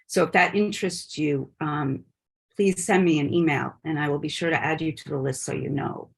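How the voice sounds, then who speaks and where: A woman's voice: low voice, husky. A woman rabbi leading an online spiritual session, speaking in an earnest, impassioned way with frequent "like" fillers. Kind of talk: spiritual teaching talk.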